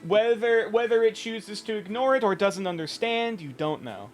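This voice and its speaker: A man running a tabletop game as game master, animated and sometimes hesitant as he checks rulings. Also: sits high, normal speed.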